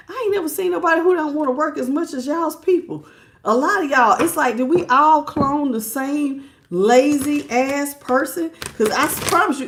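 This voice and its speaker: A woman giving a live tarot reading, chatty and quick to laugh as she talks straight to her viewers. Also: high voice, slight background noise. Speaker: tarot reader.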